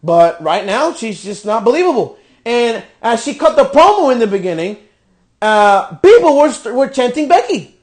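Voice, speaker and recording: A man's voice: extremely high pitch, big pitch swings, normal speed, darkish tone. A man hosting a podcast, reviewing a wrestling show in a profane, exasperated rant. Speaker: podcast host.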